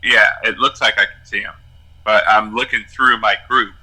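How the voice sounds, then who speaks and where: A man's voice: fairly low pitch, fairly even intonation, moderate pace, pushed and bright, husky, poor audio. A man playing a tabletop game, laid-back and thinking his moves through aloud. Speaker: player. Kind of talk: casual tabletop play.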